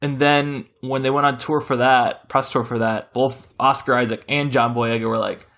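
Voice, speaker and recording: Gravelly man chatting casually. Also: medium pitch, normal speed. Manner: rambling, animated, self-correcting. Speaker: podcast host. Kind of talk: casual chat.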